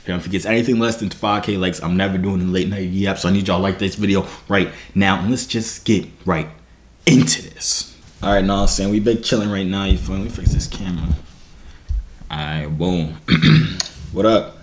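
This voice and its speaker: Slangy young man, low voice. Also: fairly even intonation, fast talker, slight background noise. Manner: slangy, keeps asking "you feel me". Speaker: vlogger. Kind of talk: casual chat to camera.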